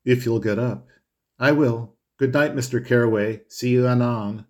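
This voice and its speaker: A cool, languid young sportswoman with a lightly raised, drawling voice, as a male audiobook reader puts her on. She speaks in an unhurried, detached way. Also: mid-range voice, darkish tone, close to an everyday voice. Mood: drowsy.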